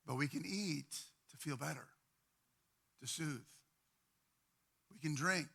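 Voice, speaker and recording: A man with a fairly high voice preaches a sermon as a pastor, speaking in a conversational, animated style and repeating words.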